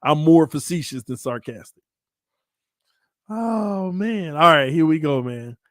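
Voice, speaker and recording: A man hosting a sports fan channel, talking in a casual, animated, teasing way and breaking into loud excited hollering. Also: on the high side, unhurried, no echo, studio quality. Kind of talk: casual fan commentary vlog.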